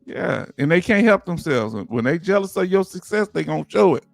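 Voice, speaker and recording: Hosting a casual livestream, a Southern man with a slightly high male voice preaches animatedly and keeps throwing rhetorical questions at his chat. His delivery is brisk and creaky, captured dry and close with no room sound and faint music below.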